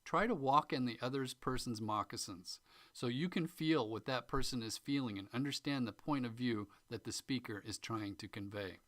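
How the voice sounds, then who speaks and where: A man's voice: mid-range voice, moderate pace, fairly bright tone, no echo. A man teaching customer-service listening skills, going through numbered tips and acting out short examples. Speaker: instructor.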